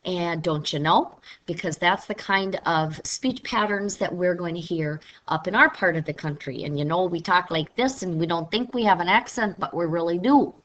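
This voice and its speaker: A Missouri woman delivers a conversational literature lecture, sometimes playfully imitating regional speech, in this recorded class session. Her voice sits on the low side with a fairly bright tone, and she talks at a normal speed with few pauses. The audio is dull.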